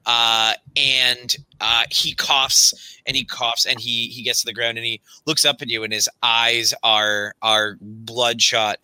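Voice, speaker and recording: A man narrating as game master of a tabletop horror game, unhurried and peppered with "uh". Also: mid-range voice, little pitch movement, bright, forceful tone, clean tone, no room sound.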